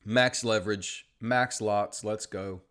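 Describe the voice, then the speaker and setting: A man's voice: fairly low pitch, fairly even intonation, slow pace, fairly bright tone. A man hosting a trading livestream, chatting casually and sarcastically with viewers and reading out their comments. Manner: joking, sarcastic, reads chat aloud. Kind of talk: casual live-stream chat with viewers.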